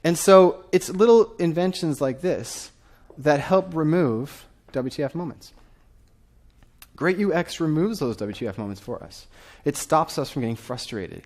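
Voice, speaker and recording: A man in his thirties giving a lively conference talk from a stage, often asking the audience questions. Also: fairly high pitch, measured pace. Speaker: conference speaker.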